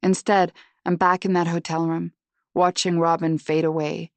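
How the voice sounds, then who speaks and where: A woman reads a first-person suspense audiobook in a low, measured voice. She sounds tense and subdued throughout. The recording is close and dry, with no room sound. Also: level tone, dry recording. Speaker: audiobook narrator.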